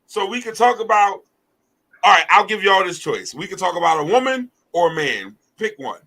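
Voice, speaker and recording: A man's voice: high-pitched, big pitch swings, normal speed, pushed and bright, rough recording. A man hosting a podcast in casual, joking chat who laughs often and swears freely. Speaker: podcast host.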